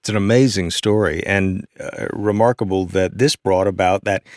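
A man's voice: deep voice, fairly even intonation, moderate pace, no room sound, clean studio sound. A man hosting an interview, asking thoughtful questions in an attentive way. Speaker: interview host. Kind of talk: conversational interview.

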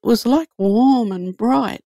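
A woman's voice: on the high side, slow, mellow, dry recording, clean studio sound. A woman guest telling an earnest spiritual story in an easy conversational way. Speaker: guest sharing a faith story.

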